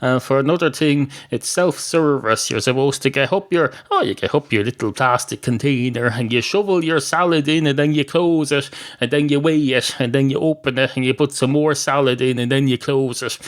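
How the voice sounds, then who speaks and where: An Irish man hosting a podcast in a rambling, digressive comic monologue that mocks himself. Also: medium pitch. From Ireland. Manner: rambling, digressive, self-mocking. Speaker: podcast host.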